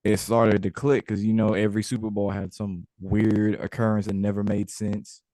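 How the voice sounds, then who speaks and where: A man's voice: lowish voice, flat delivery, moderate pace, warm tone, dry recording, clean studio sound. A young man being interviewed, talking casually with lots of filler words. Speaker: guest.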